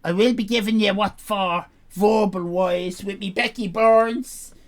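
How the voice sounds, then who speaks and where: A woman playing a sassy, brash sixteen-year-old Irish girl, hosting a live stream in character and rambling loudly to herself. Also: medium pitch, fairly even intonation, measured pace, close to an everyday voice. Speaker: livestream host in character.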